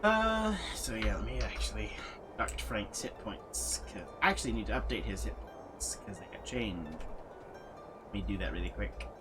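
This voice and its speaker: Lively man running a tabletop game. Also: fairly low pitch, moderate pace, over music. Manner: lively, playful narration. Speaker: game master.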